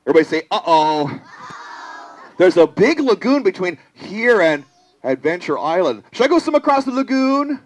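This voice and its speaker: A puppeteer voicing a zookeeper at a live children's puppet show, animated and calling on the kids to join in. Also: medium pitch, brisk, a faint crowd, rough recording. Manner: animated, calls on the audience to join in. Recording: live show with audience and music.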